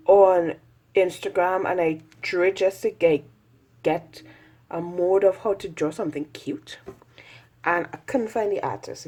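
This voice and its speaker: A woman's voice: fairly low pitch, mellow, slightly rough. A woman chatting casually through a sketchbook tour, rambling and self-mocking, often laughing at her own drawings. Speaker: artist vlogger.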